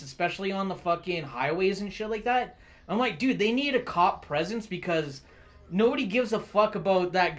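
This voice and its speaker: Profane, rambling man, high voice. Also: a bit bright. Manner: profane, rambling, laughs often. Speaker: streamer. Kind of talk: casual chat.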